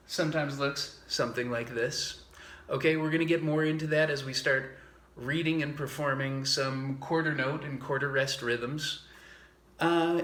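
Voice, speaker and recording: Guy teaching little kids music, super slow and patient, bright voice, echoey room. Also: a little high. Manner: slow, patient, talks to young children, chants rhythm syllables. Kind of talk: teaching a children's music class.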